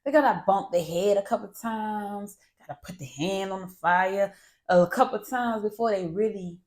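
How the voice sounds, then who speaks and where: A woman podcast host talking straight from the heart, blunt and animated. She swears freely and keeps checking in with her listener. Her voice sits at an ordinary middle pitch. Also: moderate pace. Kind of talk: candid monologue.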